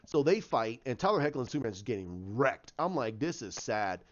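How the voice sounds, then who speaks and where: A man giving a casual, animated review of a TV episode, ranting, swearing and acting out the characters' lines. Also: medium pitch, brisk, muffled recording. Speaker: YouTube show reviewer.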